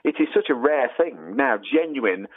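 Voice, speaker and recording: A man's voice: medium pitch, animated, moderate pace. A man, a podcast guest chatting emphatically and often saying mate. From England. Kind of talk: casual conversation. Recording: phone-like audio line.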